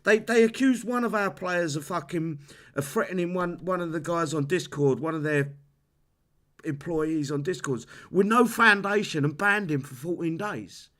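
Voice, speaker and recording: A man's voice: on the high side, moderate pace, fairly bright tone. Sweary man ranting on stream. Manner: heated, sweary, repeats himself. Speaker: streamer hosting a live game discussion. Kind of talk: casual live-stream rant.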